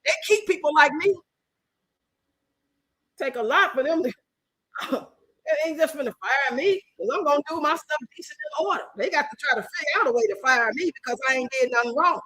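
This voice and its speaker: A woman from Chicago with a Chicago accent, hosting a livestream and answering her chat in an animated, outspoken way. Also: sits high, moderate pace, poor audio. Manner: animated, outspoken, emphatic, talks back to the chat. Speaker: livestream host. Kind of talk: livestream chat reacting to comments.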